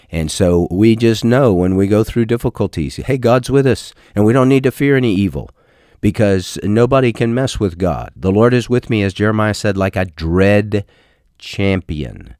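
An older man hosting a call-in radio program as pastor, talking about family and teaching scripture in a folksy, halting way. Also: low-pitched, lively intonation, a little mellow, dry recording, studio quality. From Texas. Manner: folksy, halting with many uh fillers.

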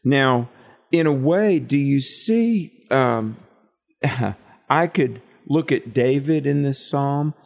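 A man's voice: mid-range voice, expressive, slow pace, gravelly. A man co-hosting a Bible study discussion, reading scripture and drawing out its meaning in a preacherly way. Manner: preacherly, asks questions of co-host. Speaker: Bible teacher co-host.

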